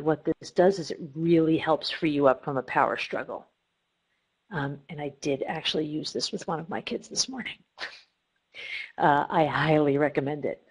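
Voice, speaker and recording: A woman's voice: low voice, darkish tone, husky, rough recording. A middle-aged woman therapist giving a recorded lecture on treatment techniques, explaining step by step with frequent ums and self-corrections. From Cleveland, Ohio.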